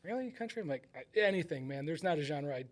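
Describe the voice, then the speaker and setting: A man speaking as a podcast guest in casual chat, laid-back and soft-spoken. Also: a little high, fast talker, a crowd in the background.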